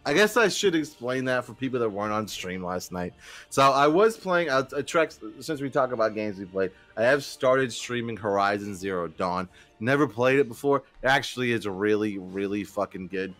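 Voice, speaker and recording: A man's voice: mid-range voice, lively intonation, moderate pace, a bit bright. A man co-hosting a gaming podcast, telling a rambling story in casual chat, swearing and acting out quotes. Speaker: podcast co-host.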